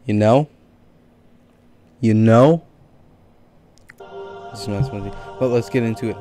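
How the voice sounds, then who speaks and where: A man's voice: on the low side, fairly even intonation, rapid-fire, over music. A man hosting a casual reaction video, chatting loosely with his viewers. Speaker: gaming video host.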